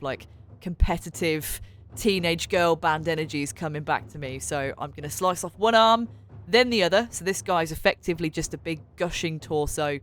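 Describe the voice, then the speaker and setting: A woman playing a tabletop game, chatting in an animated way, laughing often and trailing off with fillers. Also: low-pitched, a little hiss or hum. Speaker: player.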